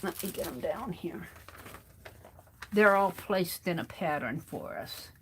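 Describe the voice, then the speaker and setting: A woman's voice: fairly low pitch, lively intonation, takes it slowly, slight background noise. An American woman hosting a craft livestream, chatting to herself and viewers as she works with her hands, now and then moving away from the mic. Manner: chatty, talks to herself while working.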